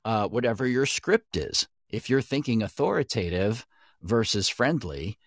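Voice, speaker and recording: A man's voice: on the low side, animated, moderate pace, no echo, clean studio sound. A man who coaches voice actors, talking casually and explaining with frequent restarts and self-corrections. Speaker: podcast guest, voice coach. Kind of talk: casual chat.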